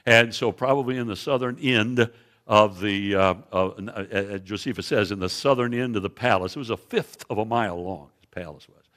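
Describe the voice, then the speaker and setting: A guest Bible teacher preaches in a church sanctuary, vividly retelling scripture while frequently restarting phrases and gesturing to slides. His voice sits on the low side, a bit bright, at a normal speed.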